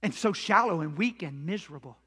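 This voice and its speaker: A man preaching a sermon as a pastor, animated and acting out the voices he quotes, recorded in a church sanctuary. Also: fairly high pitch, fairly quick, husky. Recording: echoey church hall reverb.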